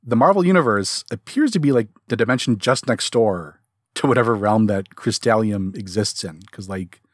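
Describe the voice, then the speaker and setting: A man's voice: lowish voice, animated, moderate pace, dry recording, clean studio sound. A man co-hosting a comic book podcast, chatting casually and rambling with many fillers and restarts. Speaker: podcast co-host. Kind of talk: casual chat.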